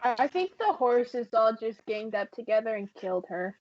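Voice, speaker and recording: A woman's voice: a little high, expressive, normal speed, darkish tone, dry recording. A woman player in an online tabletop game, eager and playful. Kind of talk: casual game play. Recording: dull dry call audio.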